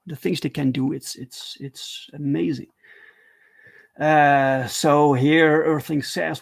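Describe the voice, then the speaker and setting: A man casually walking viewers through his own comic on a livestream, halting and repeating words, enthusiastic about the artwork. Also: fairly high pitch, creaky. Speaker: comic creator streaming.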